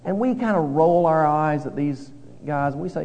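A man's voice: a little high, lively intonation, normal speed, a little mellow. A man preaching a conversational sermon, reading verses aloud and talking them through with his congregation. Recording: long hall reverb.

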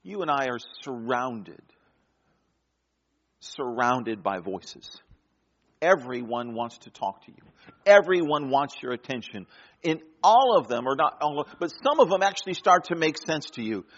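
A man preaching a sermon, swinging between loud, emphatic lines and hushed, quiet ones. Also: mid-range voice, big pitch swings, a little slow, lo-fi sound.

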